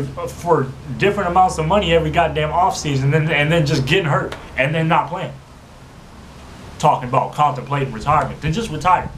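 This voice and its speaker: A man's voice: a little high, low-quality recording. A young man ranting heatedly about his football team, swearing constantly and repeating his filler phrases. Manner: profane, heated, repeats "you know what I'm saying". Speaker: sports fan vlogger. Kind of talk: angry fan rant. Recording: faint background noise.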